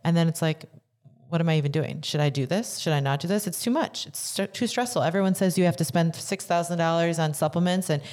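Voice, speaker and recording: Earnest woman with a low voice. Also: fast talker, a little mellow. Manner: earnest, repeats words when emphatic. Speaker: guest. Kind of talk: casual podcast interview.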